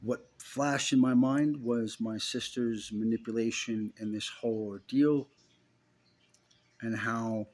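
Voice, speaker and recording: A man's voice: mid-range voice, a little mellow. A man telling a personal story straight to the listener in an intense, emphatic way, often repeating himself.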